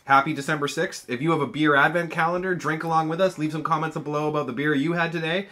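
A man's voice: a little high, steady tone, quick pace, sharp tone. A man hosting a casual beer-tasting chat with a friend, playful and joking. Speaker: host.

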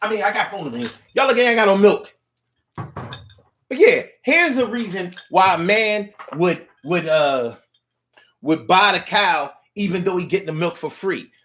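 A man's voice: high-pitched, animated, unhurried, fairly bright tone. A man delivering a playful, slangy, rambling comedic monologue, at times mooing like a cow.

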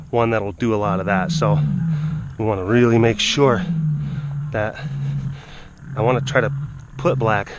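Man, mid-pitched voice, animal keeper, casual vlog chatter, playful coaxing, repeats himself, occasional hushed tone. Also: noisy background. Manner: playful, coaxing, often repeats phrases to the cubs. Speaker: big cat keeper. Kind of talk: casual narration to camera while working with animals.

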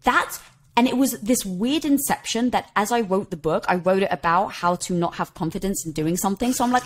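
A middle-aged woman, a podcast guest and author, telling stories with expressive energy, often laughing and quoting herself. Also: medium pitch, fairly quick. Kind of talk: animated conversational storytelling.

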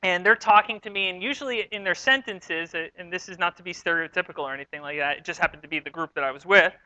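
A man from New York giving a sermon as pastor, telling stories in a relaxed, self-deprecating way. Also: sits high, quick pace, poor audio. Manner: conversational, self-deprecating storytelling. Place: church sanctuary.

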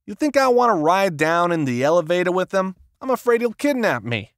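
A man voicing a gruff, sardonic middle-aged literary agent who talks in a brusque, clipped, sarcastic way, read as an audiobook character. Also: high-pitched, big pitch swings, fairly quick, no echo, clean studio sound, voice pushed up. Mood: wry.

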